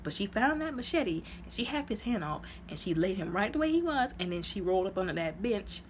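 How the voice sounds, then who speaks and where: A woman's voice: medium pitch, big pitch swings, fairly quick, slight background noise. A woman reviewing a movie in a casual, chatty retelling, full of fillers, who acts out the characters' lines.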